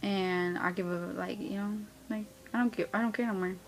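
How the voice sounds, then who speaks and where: Flat-toned young woman ranting about an ex. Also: medium pitch, normal speed, slight background noise, poor audio. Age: young adult. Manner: blunt, heavy slang and profanity. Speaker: vlogger. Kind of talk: casual storytelling rant.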